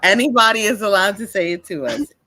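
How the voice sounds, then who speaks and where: A man with a bright, forceful voice chats as a podcast co-host. He sounds playful and laughs easily, and his pitch moves around a lot as he jokes with the others. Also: animated, fairly quick, poor audio. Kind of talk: casual chat.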